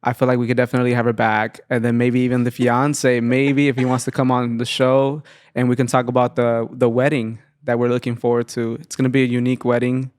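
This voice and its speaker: A man's voice: medium pitch, a little fast, dry recording, clean studio sound. A young man hosting a casual podcast interview, telling stories and acting out quotes with a raised voice. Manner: animated storyteller, acts out quotes in a raised voice. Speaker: podcast host. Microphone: studio microphone.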